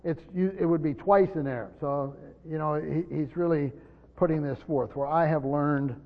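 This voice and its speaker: A man's voice: on the high side, normal speed. A man preaching an expository sermon, explaining a text and often repeating words as he goes. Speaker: pastor. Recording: muffled recording with long hall reverb.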